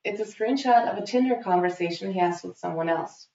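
A young woman tells a story in an easy, chatty way, animated and quick to swear as she plays out each quote. The recording is muffled and roomy. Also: lowish voice. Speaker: guest telling a story. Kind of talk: casual storytelling.

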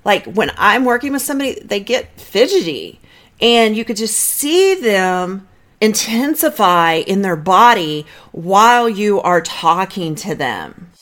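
A woman's voice: medium pitch, very animated, unhurried, a bit bright. A middle-aged woman, a marriage therapist, giving direct, coaching advice on a podcast and talking listeners through breathing counts.

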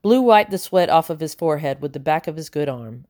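Brief: woman audiobook narrator, lower voice, dry close sound, animated storytelling. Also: a little fast, no room sound. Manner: lively, voices the characters. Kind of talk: scripted narration.

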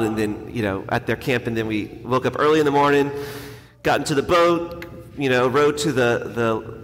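A man's voice: mid-range voice, fairly bright tone. A man, a priest, telling a self-deprecating story in a casual, conversational homily. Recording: long hall reverb, faint ambience.

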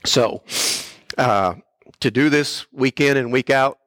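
Older man, sermon, slow unhurried delivery, earnest, clears throat often, dry close sound. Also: mid-range voice, a bit bright, no echo. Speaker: guest speaker, missionary pastor. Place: church.

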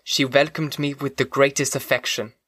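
A man narrating a classic novel as an audiobook, in a measured literary reading, then speaking more casually as he signs off. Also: mid-range voice, little pitch movement, a bit bright, no room sound, studio quality.

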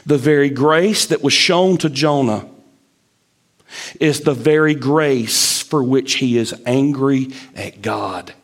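A man preaching a sermon, emphatic, climbing high as he drives a point home and acting out the prophet's complaints. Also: slow pace.

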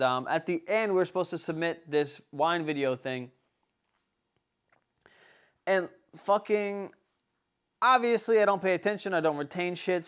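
A young man telling a story in casual chat, animated and swearing a lot. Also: a little high, smooth. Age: young adult.

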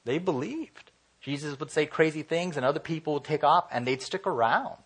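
This preacher's voice is a bit bright and on the high side, moving at an ordinary pace. His sermon is relaxed and chatty, packed with "you know" fillers, and he frequently performs the voices of the people he quotes.

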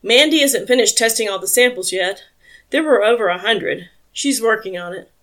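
A woman's voice: on the high side, lively intonation, normal speed, fairly bright tone. A woman voices a tense man in an audiobook who gives short, guarded answers. His replies stay clipped and defensive. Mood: curt. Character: adult man, tense defensive cop friend.

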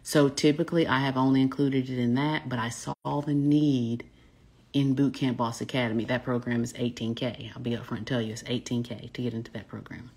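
Husky low-voiced Southern woman coach. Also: little pitch movement, brisk, darkish tone. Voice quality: smooth voice. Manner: folksy, says y'all often, smooth delivery. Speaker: business coach. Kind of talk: casual live-stream chat with viewers.

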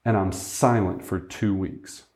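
A man's voice: deep voice, fairly even intonation, measured pace, darkish tone. A man working as a real estate agent tells a story to teach a lesson, chatting casually and often checking in with "right?". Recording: roomy echo.

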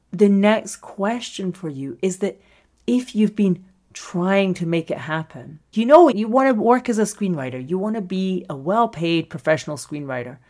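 A woman hosting a solo podcast as a coach, talking in an animated way, often laughing and acting out the voices she quotes. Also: on the low side. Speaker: podcast host and screenwriting coach.

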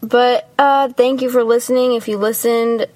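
A woman's voice: fairly high pitch, steady tone, moderate pace, crowd noise, poor audio. A young woman hosting a casual chat podcast, giggly and playful, often unsure of herself. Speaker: podcast host.

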